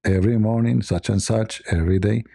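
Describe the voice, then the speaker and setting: A man voicing a smug male believer who drones the same answers in a flat, low, mocking monotone. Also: brisk, gravelly, slightly rough, no room sound, studio quality. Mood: droning.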